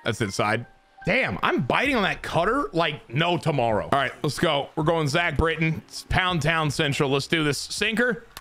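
A young man giving live gameplay commentary as a streamer, excitable and self-mocking, swearing freely. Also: a little high, moderate pace, soft background music. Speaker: gaming streamer.

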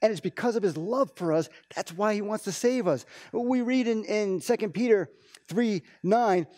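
A pastor preaching a casual, storytelling sermon, with many restarts and asides. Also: male voice, high voice, normal speed, a little mellow, dry recording. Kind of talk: conversational sermon. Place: church.

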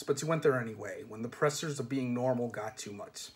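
A man reading a comic fantasy novel aloud in a measured, dry storytelling manner. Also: mid-range voice. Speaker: reader.

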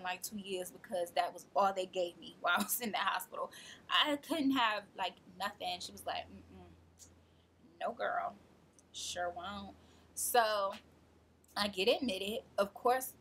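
A woman in her twenties telling a personal story to camera in a casual, animated way, acting out the people she quotes and laughing often. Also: mid-range voice. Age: 20s. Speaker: vlogger.

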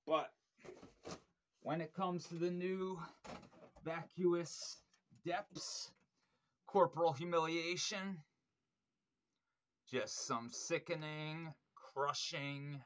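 A man's voice: on the high side, steady tone, very slow, long pauses, fairly bright tone. A young man hosting a record review vlog, rambling in casual chat with lots of fillers and swearing, getting keen about the music. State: frustrated while searching his shelves.

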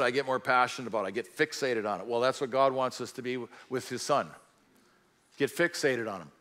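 A middle-aged man preaches at a church, recounting his own conversion in an earnest, folksy way. His voice sits at an ordinary middle pitch, and he drifts into casual asides as he talks. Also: fairly bright tone. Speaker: guest speaker. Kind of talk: personal testimony sermon.

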